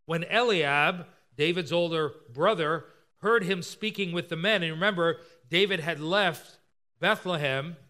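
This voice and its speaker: Bright high-voiced male preacher. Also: smooth. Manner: expository preaching, acts out quoted voices. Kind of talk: sermon.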